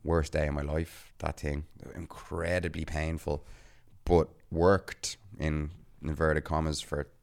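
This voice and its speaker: A man with a very deep voice co-hosts a relaxed podcast. He tells his stories in a chatty way and laughs often as he talks. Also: takes it slowly, gravelly, hardly any pauses. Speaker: podcast co-host. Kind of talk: casual podcast chat.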